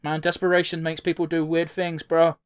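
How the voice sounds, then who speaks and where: Excitable high-voiced young man, swearing. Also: brisk, smooth. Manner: excitable, swears freely, laughs often. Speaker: podcast co-host. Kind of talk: casual reaction chat.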